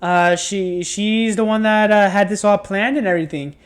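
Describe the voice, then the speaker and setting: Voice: mid-range voice, moderate pace. A worn-out reviewer rambling through a casual spoken review late at night. The talk keeps restarting and breaking into exasperated asides. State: tired and yawning. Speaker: show reviewer.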